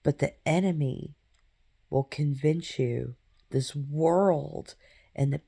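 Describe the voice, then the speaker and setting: Slow, gravelly-voiced woman telling a Bible story. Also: low voice, warm tone. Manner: retelling a Bible story conversationally, many fillers. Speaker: podcast host. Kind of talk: casual faith talk.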